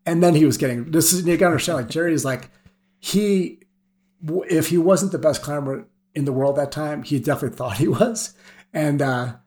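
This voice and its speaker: A man, a guest on a climbing podcast, telling stories in a casual and animated way, laughing now and then. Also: on the high side, brisk. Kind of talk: casual storytelling.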